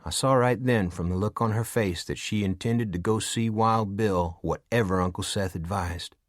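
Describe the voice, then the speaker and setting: With a fairly low voice at normal speed, a man narrates an audiobook from a script, keeping his storytelling steady and even. The recording is dry and of studio quality.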